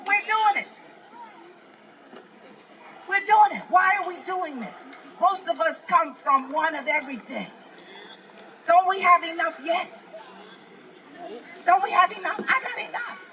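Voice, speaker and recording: Older new york lady comic swearing up a storm onstage, high voice, faint crowd behind. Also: expressive, unhurried, pauses often, bright, forceful tone, rough recording. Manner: brash, profane, preachy rants. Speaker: stand-up comedian. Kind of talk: live stand-up set. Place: outdoor festival stage.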